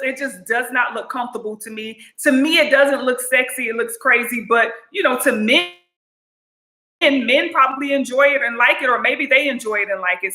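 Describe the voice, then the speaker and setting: A woman's voice: on the high side, sharp tone, echoey room. A woman vlogger in casual chat to camera, sassy and chatty, calling viewers honey and you guys. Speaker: beauty and lifestyle vlogger.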